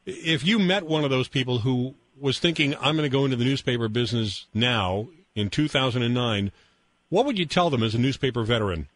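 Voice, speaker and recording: A man's voice: mid-range voice, animated, brisk, fairly bright tone, no echo, rough recording. A man hosting a radio interview, asking long prepared questions and reading quotes aloud. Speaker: radio host.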